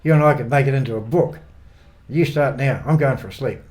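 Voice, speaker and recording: A weathered Kiwi trekker, blunt and matey, tossing off his words in a casual, blokey drawl, as a male storyteller puts him on. His New Zealand accent is broad and easygoing, and he sits at an ordinary middle pitch for a man. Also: a little fast, a little mellow, natural voice. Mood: relaxed.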